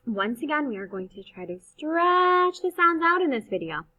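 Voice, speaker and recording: A woman teaching first graders to read, slowly stretching out the sounds of each word in an encouraging teacher voice. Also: sits high, sing-song, bright, forceful tone, distant mic. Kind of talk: slow phonics reading lesson. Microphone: computer mic on a screen-shared video. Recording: slightly dull, lo-fi sound.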